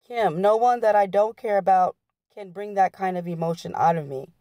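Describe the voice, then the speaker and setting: A man's voice: high voice, normal speed, dark tone, no room sound, studio quality, close to an everyday voice. A woman reading aloud the lines of a crude, volatile, controlling man arguing on the phone. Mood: pleading. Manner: crude, dismissive.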